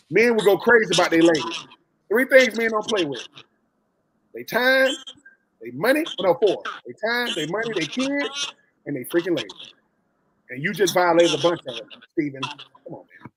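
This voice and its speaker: A man co-hosting a casual sports podcast, talking in an animated, joking way and acting out the people he quotes. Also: sits high, moderate pace, long pauses, poor audio. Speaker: podcast co-host.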